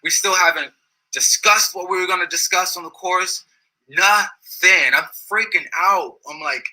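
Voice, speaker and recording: A man's voice: sits high, unhurried, low-quality recording. A man casually telling a story in slangy speech, often restarting and repeating phrases. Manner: slangy, repetitive, restarts phrases, animated retelling. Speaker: storyteller recounting his experience.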